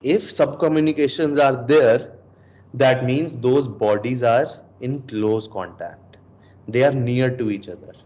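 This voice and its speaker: A man's voice: mid-range voice, unhurried, darkish tone. A young man giving a coaching session, emphatic, asking the listener rhetorical questions and mixing in Hindi phrases. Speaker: dating coach.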